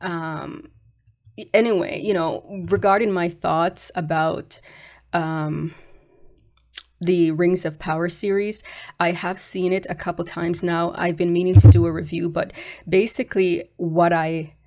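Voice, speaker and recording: A woman's voice: on the low side, fairly even intonation, measured pace, a little mellow. A woman hosting her own channel and giving frank, casual opinion commentary, with many fillers, restarts and dismissive asides. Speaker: channel host.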